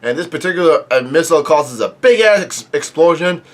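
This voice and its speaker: Halting man recapping a comic. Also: a little high, animated. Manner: halting, many fillers and restarts. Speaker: manga reviewer. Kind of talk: casual recap of a comic chapter.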